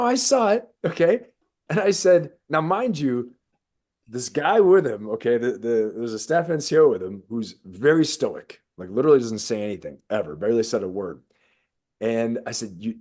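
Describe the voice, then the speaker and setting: Male podcast co-host, ex-Marine, casual storyteller with a big, animated delivery. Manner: animated storyteller, jumps high when quoting people.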